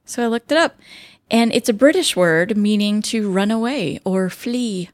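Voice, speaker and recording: A woman's voice: mid-range voice, moderate pace, no echo, clean studio sound. Playful woman running a podcast quiz. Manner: playful quiz-master, swooping animated delivery with gasps. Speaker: podcast co-host. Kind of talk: casual chat.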